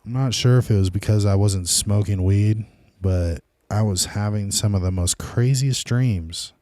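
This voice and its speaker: A man's voice: fairly low pitch, unhurried, mellow, no echo, clean studio sound. A man hosting his own podcast, rambling loosely and casually in a solo monologue. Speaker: podcast host.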